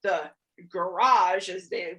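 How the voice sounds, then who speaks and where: A woman's voice: fairly low pitch, takes it slowly, a crowd in the background. A woman co-hosting a podcast, chatting casually and joking as she acts out quotes. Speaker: podcast co-host.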